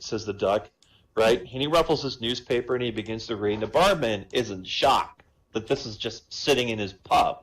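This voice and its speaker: A man's voice: medium pitch, normal speed, low-quality recording. A man telling long joke stories in a casual, chatty way at a comedy show.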